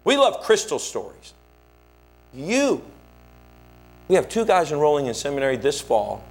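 A pastor with a slightly high voice preaches at an ordinary pace. He tells his sermon stories with animation, acting out each quoted person.

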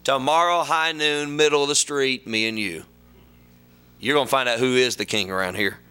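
Brash taunting jezebel throwing down a high-noon challenge, as a preacher puts her on, bright forceful tone. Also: steady tone, normal speed, clean tone, natural voice. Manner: swaggering, taunting. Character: brash queen Jezebel, a woman calling out a showdown.

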